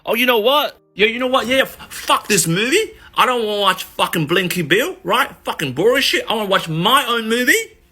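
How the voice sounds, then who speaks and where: A man's voice: high voice, expressive, moderate pace, pushed and bright, husky, voice pushed up, exaggerated voice. A man doing a swearing, belligerent bloke. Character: rude, aggressive young male cinema-goer.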